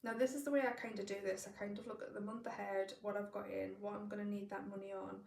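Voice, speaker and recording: A woman with a gravelly, creaky edge talks through her budget, musing aloud and tallying numbers as she goes. She sits back from the mic, so her voice carries a roomy echo with faint ambience behind it. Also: medium pitch, level tone, fast, darkish tone, distant mic, a little hiss or hum. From northeast England. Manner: thinking aloud, doing sums as she goes. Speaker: budgeting vlogger. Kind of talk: casual budgeting walkthrough.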